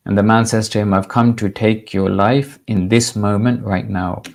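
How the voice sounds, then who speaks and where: A man who is a religious teacher, telling a moral story in a measured, deliberate sermon style. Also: fairly low pitch, fairly even intonation.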